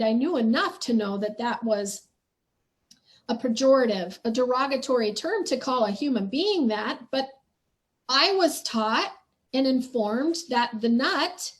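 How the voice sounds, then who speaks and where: A woman podcast host and spiritual teacher telling a personal story in an earnest, reflective monologue. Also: sits high.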